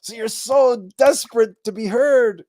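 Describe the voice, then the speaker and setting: A man hosting a spiritual talk show, speaking in a monologue that grows animated as he acts out imagined people. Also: very high-pitched, unhurried. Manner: animated storytelling, acting out imagined people in raised voices. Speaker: host.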